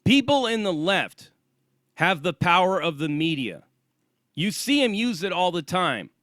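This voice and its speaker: Guy going off on an angry sarcastic rant, kinda high voice, swears a lot. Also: big pitch swings, measured pace, fairly bright tone, dry recording, clean studio sound. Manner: angry, profane, sarcastic ranting. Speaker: channel host. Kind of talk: ranting monologue to camera.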